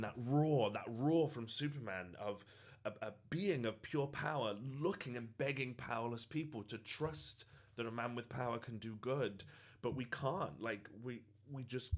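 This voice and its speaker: A man's voice: mid-range voice, measured pace. A man, a social media creator, telling a personal story in an earnest, reflective way. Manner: earnest and reflective, with frequent fillers. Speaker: TikTok creator.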